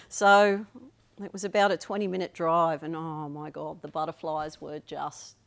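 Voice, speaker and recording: A woman's voice: sits low, level tone, unhurried, gravelly. A woman in her fifties telling a personal story at a live storytelling night, chatty and self-amused, with trailing restarts. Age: 50s.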